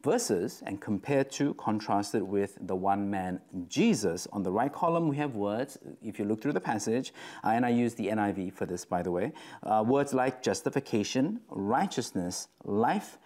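A man's voice: fairly low pitch, lively intonation, moderate pace, few pauses, darkish tone. A man giving a casual Bible teaching in a conversational way, using lots of fillers, tag questions and shifting stress on his words. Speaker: devotional speaker.

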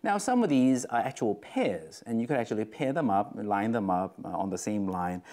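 A man's voice: on the low side, sing-song, normal speed, mellow. A man giving a casual Bible teaching in a conversational way, using lots of fillers, tag questions and shifting stress on his words. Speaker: devotional speaker.

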